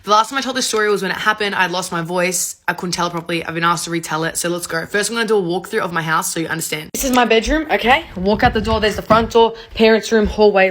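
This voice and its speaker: A woman, rapidly and animatedly retelling a story in a casual, swearing, rambling way. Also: mid-range voice, a bit bright.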